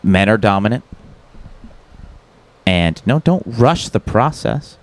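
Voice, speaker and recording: A man with a fairly low voice co-hosting a casual comedy podcast. He rambles loosely, drops curse words and laughs a lot as he talks. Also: lively intonation, slow pace. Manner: rambling, swearing, frequent laughter. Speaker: podcast co-host.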